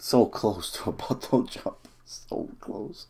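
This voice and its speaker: A man with a very deep, gravelly voice talks through a football management game as he plays. He speaks slowly, muttering nervously to himself, then bursts out cheering. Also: warm tone. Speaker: gaming YouTuber. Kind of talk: live game commentary.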